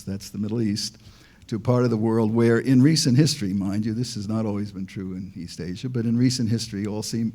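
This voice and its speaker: A man's voice: on the low side, mellow. An older man and former diplomat giving a public talk, telling dry jokes and anecdotes with frequent restarts. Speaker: panel speaker, former diplomat.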